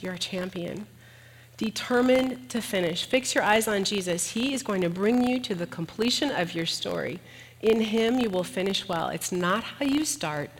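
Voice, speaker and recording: A woman giving a sermon in an earnest way, turning lively and animated when she tells a personal story. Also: mid-range voice, slight background noise. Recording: long hall reverb.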